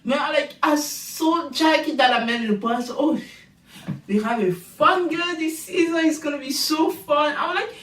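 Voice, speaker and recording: An animated woman recapping a reality show in a casual chat, with lots of exclamations and rhetorical questions. Her voice sits a little high. She sounds set back from the mic in a roomy, echoey space. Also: normal speed. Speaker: TV show reviewer. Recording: echoey room, distant mic.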